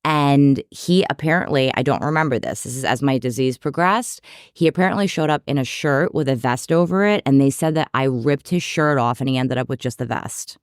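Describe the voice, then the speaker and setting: A woman from New York, a podcast guest and therapist, telling candid stories in an animated, self-deprecating way. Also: rumbling low, brisk, clean tone, no echo, studio quality. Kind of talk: candid storytelling in conversation.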